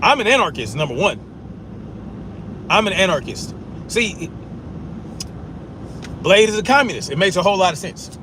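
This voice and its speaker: A man's voice: high-pitched, sing-song, normal speed, long pauses, background noise. A man arguing back at chat comments during a casual live stream, profane and repeating himself for emphasis.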